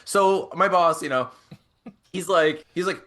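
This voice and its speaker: A man hosting a podcast, telling a casual story in an animated way with frequent chuckles and restarts. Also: fairly high pitch, a little slow. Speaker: podcast host.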